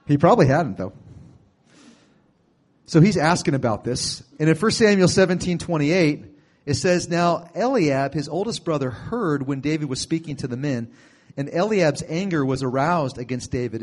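A man preaching a sermon with a somewhat high voice. He retells the story casually and conversationally, then breaks into sudden loud bursts. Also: lively intonation, moderate pace.

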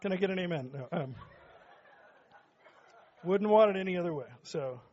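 A middle-aged man preaching a sermon as pastor in a church, joking with the congregation and building to shouts. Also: high-pitched, animated, normal speed, highs cut off, some chatter behind, slight background noise. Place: church sanctuary.

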